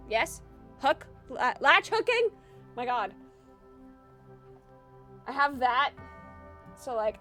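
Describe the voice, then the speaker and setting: A woman's voice: high voice, fairly bright tone. A woman streamer giving chatty, casual gaming commentary, giggling often and swearing casually.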